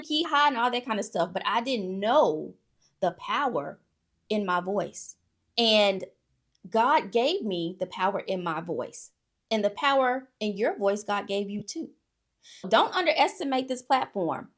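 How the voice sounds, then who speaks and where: A woman's voice: lively intonation, moderate pace. Emphatic woman giving faith-filled encouragement. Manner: preachy and emphatic, addresses viewers as y'all, frequent "okay?" check-ins; swings between soft storytelling and loud, high exhortation. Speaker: YouTube creator giving faith-based encouragement. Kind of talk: casual motivational talk to camera.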